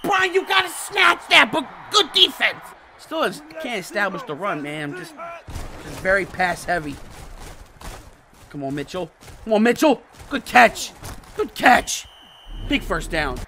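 A man doing casual, slangy commentary over a football video game, muttering low one moment and shouting with excitement the next. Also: a little slow. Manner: casual slangy trash talk. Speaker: gaming channel host. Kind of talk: live gameplay commentary.

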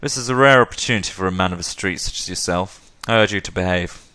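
A man's voice: low-pitched, fast talker, sharp tone, no echo. A man voicing a cold, stern wealthy father who speaks in clipped, commanding sentences.

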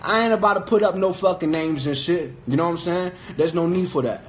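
A man's voice: sits high, brisk, a little hiss or hum. A man on a phone livestream angrily taunting his rivals in profane, repetitive street talk. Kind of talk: angry livestream rant.

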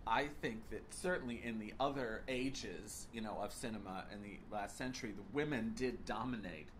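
A man's voice: fairly low pitch, moderate pace, a bit bright, a little hiss or hum. A man hosting an interview, enthusiastic and gushing, mixing in bits of French. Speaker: interview host. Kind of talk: casual interview.

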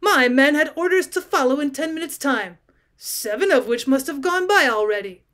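A woman reading the part of a fierce, vengeful nobleman trapped under a tree, speaking louder and higher than her narration. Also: lively intonation, moderate pace. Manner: fierce and raised.

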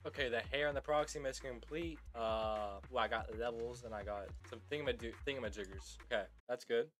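A man's voice: mid-range voice, fairly quick, fairly bright tone. A young man casually commenting on a video game as he plays, goofy and rambling, calling people brother. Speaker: gaming YouTuber.

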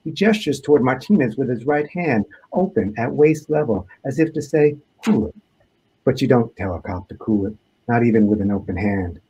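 A man, an author, reading aloud from his own book in a measured, deliberate way. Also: mid-range voice, lively intonation, dark tone, slightly rough, rough recording.

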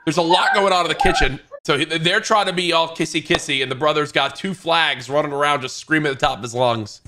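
A man hosting a reaction video, commenting casually and breaking into laughs and shouts. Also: fairly high pitch, quick pace. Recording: clicky background noise.

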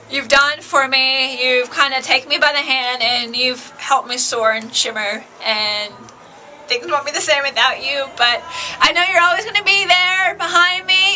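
A woman's voice: high voice, steady tone, normal speed, bright, forceful tone, slight background noise. A woman wrestler giving a gushing, emotional tribute, close to tears. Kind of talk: recorded tribute message.

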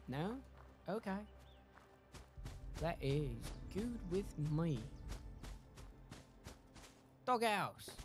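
Brief: Scottish gaming streamer, fairly high voice, loose joking asides. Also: male voice, a bit bright. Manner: sweary, joking, rambling asides. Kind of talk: casual gameplay commentary.

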